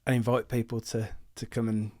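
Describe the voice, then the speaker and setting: A man's voice: medium pitch, little pitch movement, fairly quick, a little mellow, no room sound, studio quality. A man co-hosting a football podcast in casual chat, joking and laughing often. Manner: laughs often, jokey banter. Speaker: podcast co-host.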